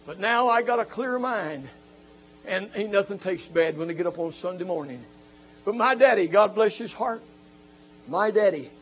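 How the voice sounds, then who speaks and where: A man preaching a fervent revival sermon, rising into shouted peaks. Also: sits high, poor audio. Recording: faint mains hum.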